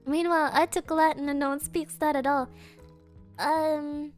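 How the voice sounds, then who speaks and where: A woman's voice: sits high, steady tone, extremely slow, long pauses, faint music behind. A woman streamer chatting casually and playfully with her chat, often breaking into giggles. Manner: giggly, playful, keeps bursting into laughter. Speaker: virtual streamer.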